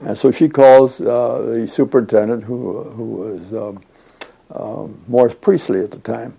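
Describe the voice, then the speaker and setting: A man's voice: mid-range voice, fairly even intonation, a little slow, vocal fry, warm tone, breathy edge. An older man being interviewed, recounting his past in a rambling, chatty way with many fillers. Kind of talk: oral history storytelling.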